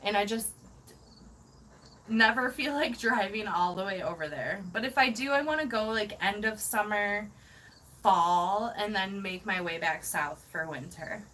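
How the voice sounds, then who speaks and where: A woman's voice: medium pitch, measured pace, pushed and bright, slight background noise, rough recording. A woman hosting a casual van-life livestream, reading viewer comments and gushing with thanks, laughing often.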